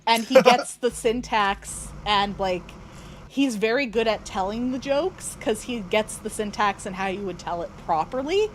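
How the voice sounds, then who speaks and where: A woman's voice: medium pitch, lively intonation, unhurried, a little hiss or hum, low-quality recording. A woman streamer chatting casually while playing a game, rambling with lots of fillers and restarts. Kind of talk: casual chat while gaming.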